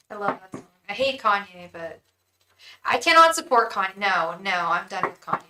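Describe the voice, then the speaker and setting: A woman's voice: mid-range voice, expressive, fairly quick, background noise. A woman tarot reader talking casually on a live stream. She rambles, chats with viewers by name, uses slang like "girl" and "hun", and murmurs a repeated invocation while she shuffles the cards. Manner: rambling, chatty, talks straight to viewers by name. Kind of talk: casual live-stream chat and card reading.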